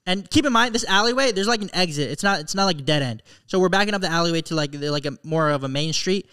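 A young man around twenty, a podcast co-host, telling a story fast and rambling with lots of fillers. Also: high-pitched, animated, sharp tone, clear, resonant tone. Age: young adult.

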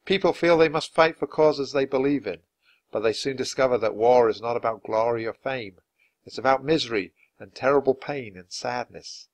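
A man voicing a kind but firm woman nurse, speaking solemnly and in a measured way. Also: medium pitch, no echo, lightly acted.

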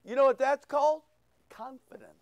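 A male pastor preaching a sermon, firing rhetorical questions and sharp asides at his congregation. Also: extremely high pitch, normal speed, dry recording, dull audio. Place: church.

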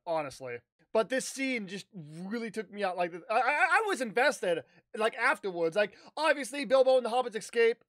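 A man telling a casual, animated story on his vlog, rambling with restarts and the odd swear word. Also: sits high, no echo. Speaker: YouTuber.

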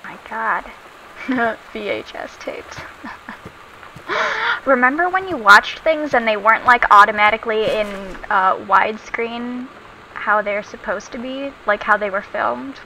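A woman's voice: a little high, a little slow, pushed and bright, a little hiss or hum, poor audio. A young adult woman casually commenting as she plays a game, chatty and giggly, reading notes aloud as she finds them. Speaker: let's play host.

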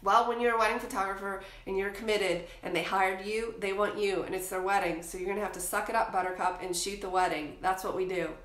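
A middle-aged woman hosting a photography show, giving frank, energetic advice and laughing easily. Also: medium pitch, fast, hardly any pauses, reverberant. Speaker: photography educator and podcast host. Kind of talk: candid advice talk.

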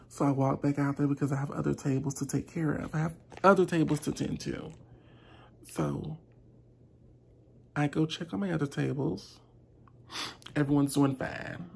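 A vlogger telling a dramatic storytime, acting out both sides and slowing down to stress key lines. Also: mid-range voice, fairly even intonation, gravelly, a little mellow, husky. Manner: dramatic retelling, slows down for emphasis, acts out both sides. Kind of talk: storytime vlog.

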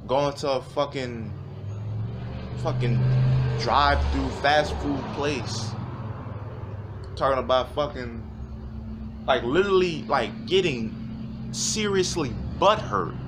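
A man's voice: medium pitch, slow pace, long pauses, noisy background. A man giving a heated, profane rant to camera, sarcastic and fired up. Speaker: vlogger.

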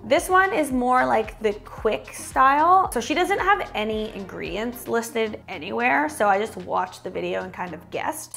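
A young woman talks her way through a recipe in her home kitchen, relaxed and chatty, tossing in little jokes. Her voice sits fairly high with a gravelly fry at the ends of phrases, and soft music plays faintly underneath. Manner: chatty, with joking asides. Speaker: cooking vlogger. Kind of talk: casual cooking demonstration.

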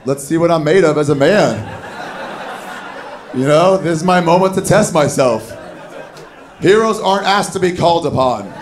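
A man doing a stand-up comedy set on a club stage, telling a story with animated, shouted put-on voices. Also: a little high, slight background noise. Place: comedy club stage before a live audience. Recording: live club recording with crowd. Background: audience laughter.

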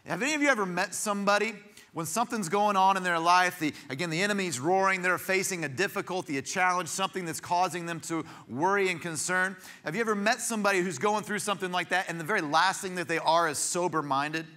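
A man's voice: sits high, fast, sharp tone. A man, a pastor, preaching a sermon in a church, telling stories in a conversational way with frequent restarts. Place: church sanctuary.

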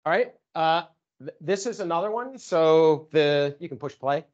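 A man's voice: fairly high pitch, animated, normal speed, a little mellow, lo-fi sound. A man giving an informal lecture on electronic warfare, talking casually with many fillers and restarts. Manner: casual, filler-heavy, self-correcting. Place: lecture room.

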